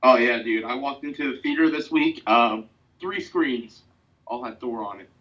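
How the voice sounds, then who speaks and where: A man's voice: medium pitch, moderate pace, a bit bright. Easygoing male co-host on distant mic. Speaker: podcast co-host. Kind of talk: casual chat. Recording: dull, distant mic sound.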